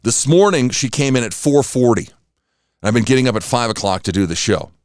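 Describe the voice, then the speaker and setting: A man's voice: mid-range voice, expressive, fairly quick, no room sound, studio quality. A tired man hosting a casual morning radio show, rambling and self-deprecating, acting out little pleas. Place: radio studio.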